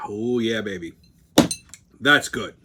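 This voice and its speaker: A man's voice: lowish voice, slow, heavy background noise. A male host, talking bluntly and profanely in casual commentary while mixing a drink.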